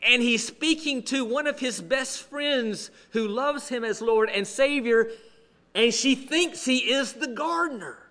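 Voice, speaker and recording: Male pastor preaching, high bright voice, animated, goes hushed sometimes. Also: measured pace. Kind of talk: sermon with humorous storytelling.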